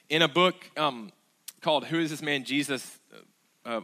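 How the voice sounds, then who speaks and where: A man's voice: medium pitch, pushed and bright. A man preaching a sermon as pastor, earnest, asking the congregation rhetorical questions, with fillers and restarts.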